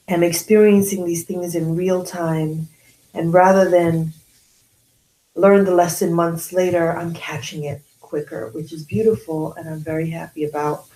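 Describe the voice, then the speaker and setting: Woman host, unhurried low voice, soft affirming meditation guide, roomy sound. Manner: slow, soft-spoken, affirming. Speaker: podcast host leading a meditation.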